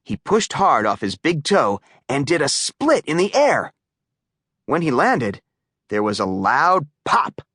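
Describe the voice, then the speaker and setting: Slow expressive woman narrating a kids' story. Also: low voice, slightly rough, no room sound, studio quality. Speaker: audiobook narrator. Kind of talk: children's audiobook narration.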